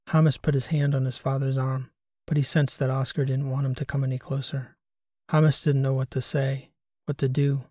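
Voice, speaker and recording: A man narrating a science fiction audiobook in a steady, even storytelling manner. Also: medium pitch, moderate pace, no room sound, studio quality. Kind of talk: scripted narration.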